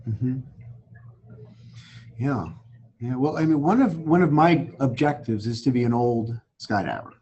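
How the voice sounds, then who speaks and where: A man's voice: medium pitch, unhurried, long pauses, a little mellow, breathy edge, highs cut off. A man hosting a casual conversation, thoughtful and hesitant in how he speaks. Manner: hesitant, many fillers and restarts, thoughtful. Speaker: host. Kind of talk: casual chat.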